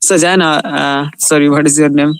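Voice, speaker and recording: Smooth-voiced learner reading aloud haltingly. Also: male voice, on the high side, steady tone, poor audio. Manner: reads haltingly, with non-native grammar. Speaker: student in an online class. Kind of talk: reading aloud and casual chat.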